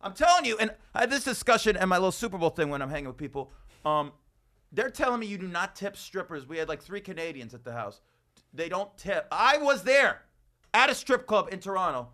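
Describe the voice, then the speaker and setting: A man's voice: high voice, brisk. A man from Las Vegas, a comedian and podcast host, telling stories and ranting in a casual chat. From Las Vegas, USA. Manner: animated ranting storyteller.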